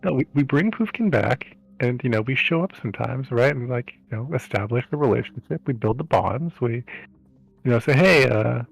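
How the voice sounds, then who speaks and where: A man's voice: medium pitch, lively intonation, brisk, creaky, husky, soft background music, rough recording. A man playing a tabletop game, chatting casually and rambling, repeating himself as he thinks aloud. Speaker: player.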